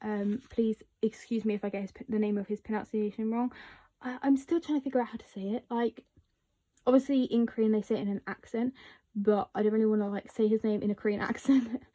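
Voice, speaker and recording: A young woman vlogger chatting casually as she shows her collection, often laughing and filling pauses with um and like. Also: a little high, fairly even intonation, dark tone.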